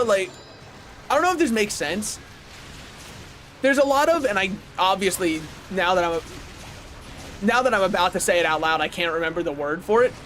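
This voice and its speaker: A young American man chatting casually while streaming a game, rambling and correcting himself with sudden excited outbursts. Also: high-pitched, a little hiss or hum. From United States. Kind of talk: casual gaming livestream chat.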